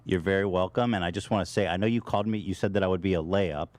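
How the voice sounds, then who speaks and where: A man with a lowish voice talks on a podcast in a relaxed, casual way. He jokes and runs himself down with a dry, teasing manner. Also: fast talker, no echo. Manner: joking, self-deprecating. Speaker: podcast host.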